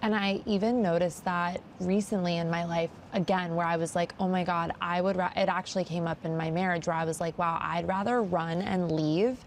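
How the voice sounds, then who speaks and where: Reflective woman guest, lowish voice. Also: fairly even intonation, a little fast, few pauses, slight background noise. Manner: reflective, confessional, heavy use of "like". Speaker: podcast guest. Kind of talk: candid conversational podcast chat.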